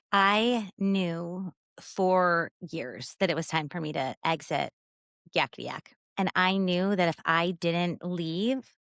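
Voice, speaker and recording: A woman's voice: lowish voice, creaky, a bit bright, no room sound, studio quality. A woman hosting a podcast, agreeing with her guest and reflecting on her own story. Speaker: podcast host. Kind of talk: casual podcast conversation.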